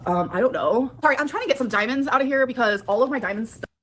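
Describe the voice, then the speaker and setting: A woman's voice: high voice, racing, a bit bright, slight background noise. A young woman vlogging to her viewers, chatty and rambling, filling her speech with "like" while she does her makeup. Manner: chatty, rambling, heavy use of "like". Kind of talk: casual vlog talking to viewers.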